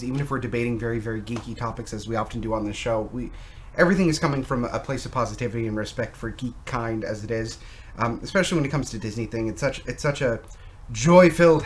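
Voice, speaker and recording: A man co-hosting a podcast in casual chat, jokey and playful, with frequent fillers. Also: mid-range voice. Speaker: podcast co-host. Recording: faint background noise.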